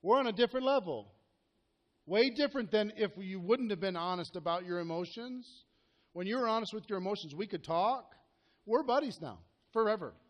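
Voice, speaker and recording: A man's voice: sits high, lively intonation, brisk. A man coaching a live group, talking earnestly and directly and often asking the room questions. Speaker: network marketing coach.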